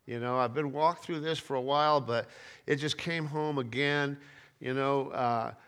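A man's voice: medium pitch, steady tone, normal speed, a bit bright, clean tone. Emphatic preaching man. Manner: conversational preaching, rising to emphatic peaks, restarts and repeated words. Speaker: pastor. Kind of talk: sermon.

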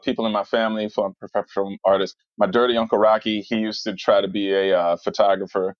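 A man's voice: fairly low pitch, fast, no echo, muffled recording. A man chatting casually, telling rambling stories full of fillers and restarts. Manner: rambling, animated storyteller with many fillers. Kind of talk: casual chat.

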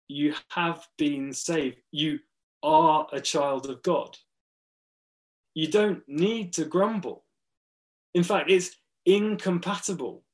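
A man preaching at a slow, deliberate pace, leaving pauses between short, emphatic phrases. His voice sits a little higher than most men's. He comes across as earnest and direct as he speaks to his congregation. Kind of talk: sermon.

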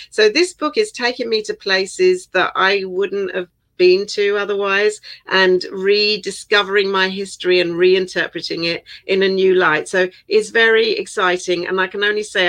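A woman's voice: mid-range voice, sharp tone, low-quality recording. An older woman from England, an author talking as a guest in a casual interview, chatty and laughing often.

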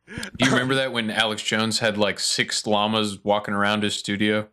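A man's voice: fairly low pitch, level tone, a little fast, sharp tone. A man hosting a casual podcast chat over beers, talking in a loose, rambling way. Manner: rambling, loose, laughs easily. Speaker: podcast host.

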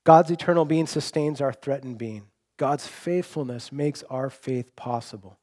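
A man's voice: medium pitch, a little slow, a little mellow. A young adult man preaching a sermon, earnest and personal, often restarting with repeated words. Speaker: pastor.

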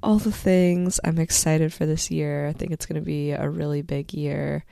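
A young woman hosting her own podcast while ill, her voice worn down by sickness, talking slowly and gently with lots of fillers. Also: low voice, steady tone, vocal fry, no room sound, clean studio sound. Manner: slow, gentle, reflective, with many fillers. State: sick, voice worn from illness. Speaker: podcast host. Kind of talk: casual solo podcast talk.

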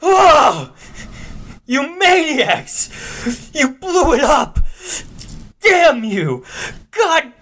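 A man's voice: very high-pitched, sing-song, extremely slow, pauses often, a bit bright, voice pushed up, exaggerated voice. A man voicing a stranded astronaut who screams and sobs curses in fury. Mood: anguished rage. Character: anguished stranded male astronaut, furious.

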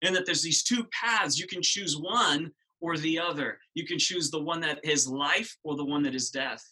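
Male pastor, middle-aged, sermon, conversational, asks questions, husky, bright. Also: fairly high pitch, normal speed, low-quality recording.

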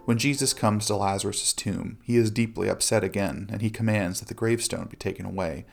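A man giving an earnest, measured scripted devotional reading. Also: fairly low pitch, gravelly, faint music behind. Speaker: Christian speaker.

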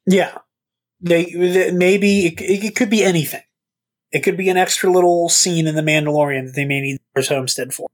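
A man's voice: fairly high pitch, steady tone, brisk. A man hosting a podcast in casual chat, rambling and stammering, swearing now and then. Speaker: podcast host.

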